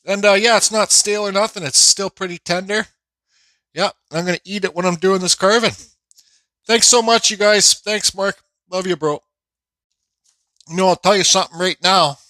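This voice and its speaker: A man's voice: high-pitched, moderate pace, pauses often, pushed and bright, no room sound, low-quality recording. A man hosting a woodcarving vlog, talking casually and rambling with fillers and restarts while feeling unwell. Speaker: woodcarving channel host. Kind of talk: casual workshop vlog talk.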